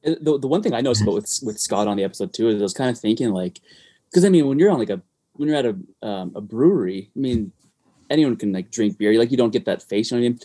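Fast-talking mellow man co-host. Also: medium pitch, lively intonation. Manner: quick, casual, many "like"s. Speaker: podcast co-host. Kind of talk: casual chat.

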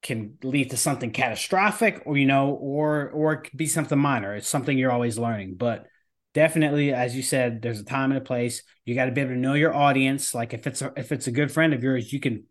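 A man's voice: mid-range voice, fast. Earnest firefighter host, man. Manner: earnest, emphatic, swears casually. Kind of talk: casual podcast conversation.

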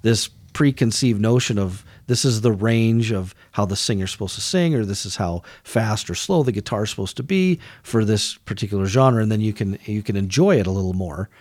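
Middle-aged man from Denver, podcast co-host, low voice, dry close mic, rambling stories. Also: brisk, few pauses, darkish tone, no echo. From Denver, USA. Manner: rambling storyteller, acts out quotes. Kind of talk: casual podcast chat.

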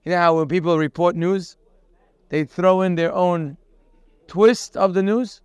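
A man's voice: sits high, steady tone, a little slow, clean tone, no room sound. A man teaching a Torah class, explaining step by step as he quotes and translates Hebrew verses. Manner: acts out quoted speech with sudden raised emphasis. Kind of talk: lecture-style Torah class.

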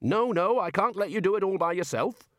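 A man's voice: high-pitched, lively intonation, fairly quick, no echo, clean studio sound, voice pushed up. A man doing a pompous, indignant old wizard. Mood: insistent. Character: haughty, squabbling old male wizard.

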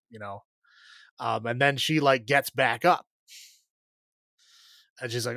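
Male podcast co-host, mid pitch, dry close mic, rambling recap full of fillers and chuckles. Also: steady tone, unhurried, pauses often, sharp tone, no echo. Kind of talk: casual movie recap chat.

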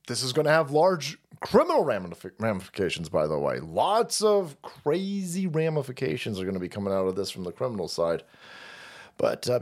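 A man's voice: mid-range voice, a little mellow. A man hosting a live stream, ranting in a sarcastic, foul-mouthed way. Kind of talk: profane political rant stream.

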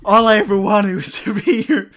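Male performer as dying gunman, hushed, tender. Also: high-pitched, fairly even intonation, normal speed. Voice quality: soft, hushed.

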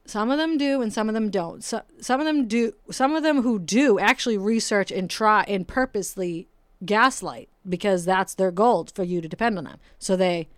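Woman podcaster ranting into a close mic, swears a lot, rambles, smooth clear voice, dry sound. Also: mid-range voice, normal speed, dry recording. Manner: swears often, rambling and self-mocking. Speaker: podcast host. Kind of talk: casual solo podcast rant. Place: home room, painters working outside. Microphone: close microphone.

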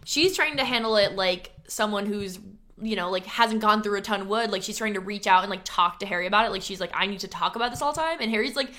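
A young woman co-hosts a podcast in relaxed, casual chat, with a mid-range voice. She rambles earnestly and emphatically, stringing her thoughts together with a constant "like.". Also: mid-range voice, quick pace. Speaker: podcast co-host.

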